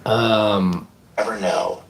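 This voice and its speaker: A livestream host and musician chats playfully with viewers in a rambling way, occasionally breaking into silly improvised songs. The voice is medium in pitch, steady in tone, and very slow.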